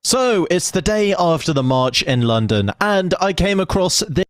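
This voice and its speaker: A man co-hosting a talk show, introducing clips with sardonic, deadpan remarks. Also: high voice, moderate pace, no room sound, clean studio sound.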